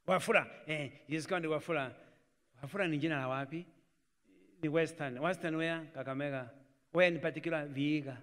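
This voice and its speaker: High-voiced Kenyan man preaching, code-switches into Swahili and plays out family scenes, reverberant church live stream. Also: fairly quick, fairly bright tone. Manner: mixes Swahili into English, acts out family dialogues. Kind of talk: sermon. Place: church hall.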